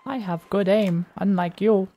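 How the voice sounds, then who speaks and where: A woman giving casual let's play commentary, chatty and teasing the enemies, her voice slightly hoarse. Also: medium pitch, fairly even intonation, measured pace, muffled recording. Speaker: gamer playing a shooter.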